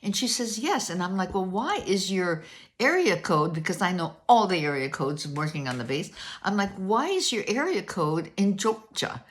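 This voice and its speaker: An older woman telling a story in a casual, animated way, acting out both sides of a conversation. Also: on the low side, moderate pace. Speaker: vlogger.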